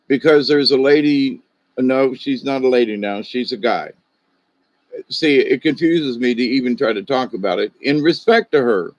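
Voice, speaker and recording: A man's voice: mid-range voice, dry recording. Rambling Southern man chatting live. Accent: Southern US drawl. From American South. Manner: rambling, chuckling, talks to chat viewers by name. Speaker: livestream host. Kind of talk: casual livestream chat.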